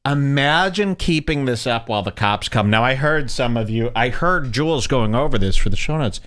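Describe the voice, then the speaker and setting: A man hosting a podcast, casually reacting to a video clip in an animated, excitable way, laughing often. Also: medium pitch, moderate pace, clear, resonant tone. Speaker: podcast host.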